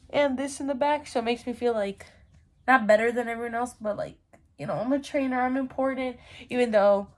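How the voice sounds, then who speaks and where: A young woman with a somewhat high, nasal voice rants casually into a phone camera. She talks in a loose, chatty way and drifts from tangent to tangent, filling gaps with "like". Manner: rambling, chatty, full of "like" and tangents. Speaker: vlogger.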